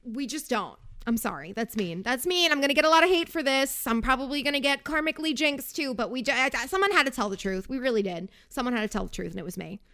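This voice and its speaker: A woman's voice: high voice, lively intonation, fast, few pauses, sharp tone. A young woman hosting a casual podcast, chatty and sarcastic, going off on tangents while recapping a reality show. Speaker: podcast host.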